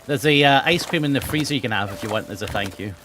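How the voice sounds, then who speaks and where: A man's voice: medium pitch, fast, noisy background. Joking Scottish man streaming. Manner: joking, self-deprecating, swears. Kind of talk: live-stream chat reading.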